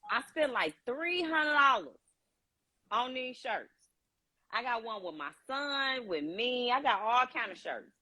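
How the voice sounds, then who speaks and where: A woman's voice: on the high side, lively intonation, a little slow, sharp tone, no echo. A woman hosting a casual livestream on her phone, telling stories in a blunt, candid way. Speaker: host of a livestream. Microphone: phone on a video call.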